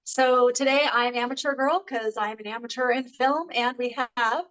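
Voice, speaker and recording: A woman with a fairly high voice hosting a casual movie review chat. She rambles in a friendly way, full of ums and asides. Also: steady tone, moderate pace, a bit bright, rough recording. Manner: chatty, lots of fillers and laughs. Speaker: co-host.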